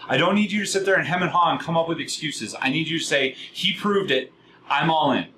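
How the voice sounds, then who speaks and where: Man, middle-aged, live sales workshop, worked-up, quizzing the room, fairly high voice, bright tone. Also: a little hiss or hum, low-quality recording. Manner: fast, worked-up, asks the audience questions.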